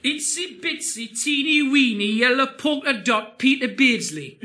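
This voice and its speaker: A man on a comedy panel show firing off quick one-liner jokes. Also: extremely high pitch, pushed and bright, a little hiss or hum.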